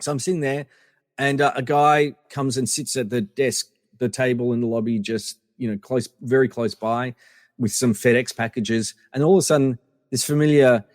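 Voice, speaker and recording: Man from Australia, middle-aged, casual interview storytelling, fillers and restarts, medium pitch, long reverb. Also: moderate pace, clean studio sound. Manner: animated anecdotes with many fillers and restarts. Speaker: podcast guest.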